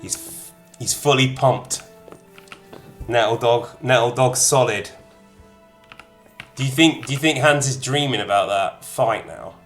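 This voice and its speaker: A man streams a game live and chats with his viewers, reading out their comments and tossing in jokey asides. His voice sits at an ordinary middle pitch, and soft game music plays faintly underneath. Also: measured pace, long pauses. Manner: chatty, reads out viewers' locations, jokey asides. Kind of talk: casual live-stream chat while gaming.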